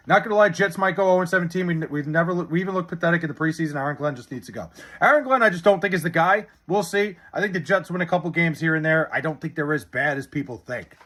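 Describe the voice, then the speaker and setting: A man's voice: fairly high pitch, a bit bright, husky. A young man from Long Island, casually chatting with viewers on a livestream and swearing freely as he rambles through their comments. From Long Island, New York. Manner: profane, rambling, jokey. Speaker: livestream host reading chat. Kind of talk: casual live-stream chat.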